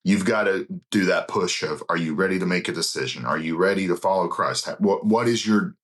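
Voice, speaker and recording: Deep-voiced earnest male evangelist. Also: a bit bright. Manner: earnest, reflective, with many pauses. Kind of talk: conversational storytelling.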